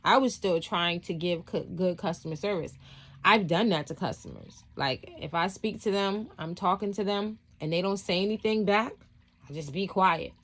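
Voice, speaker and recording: Casual spiritual vlog host, woman, lower-pitched voice, rambling storyteller with many restarts. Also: normal speed.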